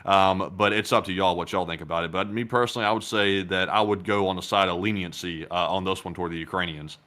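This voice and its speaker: Low-voiced, hesitant male co-host. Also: steady tone, pushed and bright. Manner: hesitant, many "uh" fillers, measured. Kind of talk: casual news commentary.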